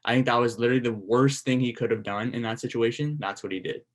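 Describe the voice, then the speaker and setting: A man co-hosting a podcast in a casual chat, talking in a measured way and checking facts with questions. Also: medium pitch. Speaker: podcast co-host.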